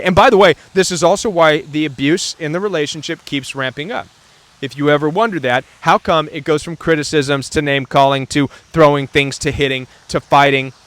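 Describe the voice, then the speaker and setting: Emphatic man with a higher voice. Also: a bit bright. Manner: earnest, emphatic, acts out quoted voices. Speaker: host. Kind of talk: motivational talk on narcissistic abuse.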